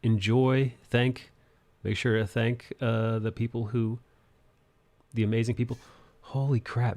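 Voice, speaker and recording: A man's voice: medium pitch, little pitch movement, measured pace, pauses often, a little mellow. A young man hosting a live drawing stream, chatting loosely, laughing and thanking viewers for their support. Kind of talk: casual live-stream chat. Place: apartment in an old city building.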